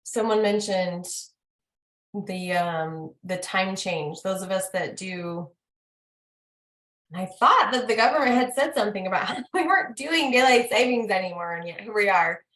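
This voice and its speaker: A woman hosting a casual talk, chatting in an animated way and quizzing herself with repeated questions. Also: medium pitch, normal speed. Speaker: host. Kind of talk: casual chat. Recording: roomy echo.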